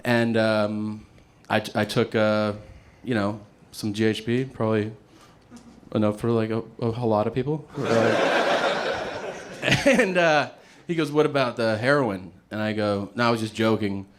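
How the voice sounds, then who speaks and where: A male stand-up comedian telling a story, acting out the people in it in an animated way. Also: lowish voice, a little slow. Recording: noisy played-back clip.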